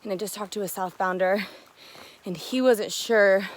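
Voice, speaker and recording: A woman's voice: mid-range voice, steady tone, moderate pace. Chatty woman vlogging on a trail. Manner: chatty, filler-heavy, laughs often. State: a little out of breath. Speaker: thru-hiker vlogger. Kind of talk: casual vlog chat. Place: outdoors on a mountain trail.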